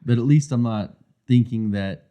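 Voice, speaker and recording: A man's voice: medium pitch, normal speed, dark tone, clear, resonant tone. A man co-hosting a marriage coaching podcast, talking in an earnest, reflective way. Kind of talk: casual podcast conversation. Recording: dull, muffled lo-fi sound.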